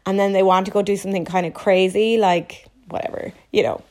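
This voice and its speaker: A woman, hosting a casual solo podcast in a chatty, emphatic way with quick asides. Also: mid-range voice, steady tone, darkish tone. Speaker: podcast host.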